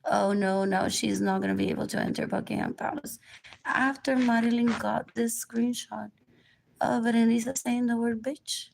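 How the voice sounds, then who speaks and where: A woman's voice: fairly high pitch, steady tone, normal speed, vocal fry, a little mellow. A woman rambling through a livestream monologue, drifting between topics and repeating herself.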